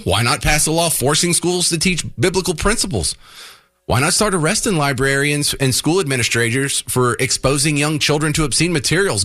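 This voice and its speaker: A man hosting a talk radio show, arguing his views in an emphatic, combative way. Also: fairly bright tone. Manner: combative, emphatic, swings pitch up to punch points. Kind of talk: opinionated talk radio monologue.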